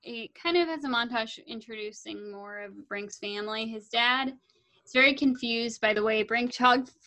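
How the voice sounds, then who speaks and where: Bubbly young woman from california recapping a movie, bright voice, does all the character lines. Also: moderate pace, low-quality recording. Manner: bubbly, acts out characters' lines with big jumps up in pitch. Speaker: podcast co-host. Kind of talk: casual chat recapping a movie.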